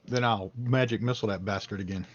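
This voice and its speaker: A man's voice: on the low side, fairly even intonation, fast, no room sound. A man playing a tabletop game, casual and swearing freely. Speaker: player. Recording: dry, slightly muffled online audio.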